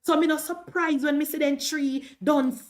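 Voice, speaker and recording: A woman's voice: high voice, steady tone, moderate pace. A Jamaican woman in her thirties giving impassioned political commentary on a livestream, slipping into patois as she talks. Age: 30s. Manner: impassioned, mixes patois into speech.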